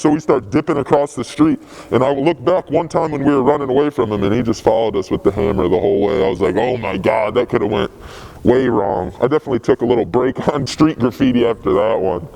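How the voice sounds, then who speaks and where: Man, young adult, gravelly, laid-back, profane, rambling interview talk. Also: mid-range voice, fast talker, a crowd in the background, low-quality recording. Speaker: graffiti writer. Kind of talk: casual interview storytelling.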